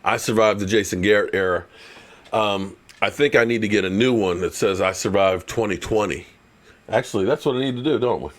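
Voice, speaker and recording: A man in his fifties hosting a casual sports talk live stream, ranting in a mocking, animated way and laughing often. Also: fairly low pitch, a little fast.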